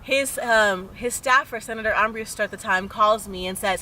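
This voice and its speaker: Woman, young adult, state legislator, interview storytelling, animated, acts out quoted voices, bright tone, faint background noise. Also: mid-range voice, fairly quick, poor audio.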